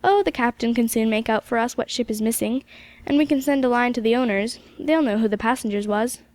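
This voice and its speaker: A practical, plain-spoken working man , voiced by a woman reader, laying out matters in a matter-of-fact way. The voice is high and dry, close to the mic. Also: a little fast, a little mellow, no echo, lightly acted.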